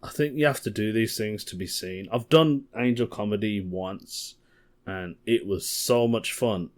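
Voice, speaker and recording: A young comedian talking through a solo podcast in a loose, rambling way, often chuckling at his own stories. His voice sits a little on the low side. He sounds casual and unscripted. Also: a little slow.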